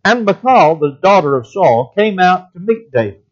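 A man's voice: high voice, very animated, normal speed, highs cut off. A man preaching a sermon and reading scripture aloud in an old-fashioned cadence.

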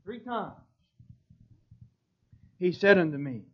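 High-voiced preacher, lo-fi sermon tape. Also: male voice, expressive, unhurried. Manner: emphatic, reads old-style scripture with swelling stress. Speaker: pastor. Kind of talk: sermon with scripture reading. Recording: dull lo-fi recording.

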